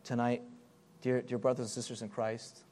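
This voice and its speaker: A man preaching a sermon, slowing and stretching key words, dropping to near-whispers and then building to loud, emphatic peaks. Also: mid-range voice, flat delivery. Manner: wide swings from hushed, drawn-out phrases to loud emphatic build-ups.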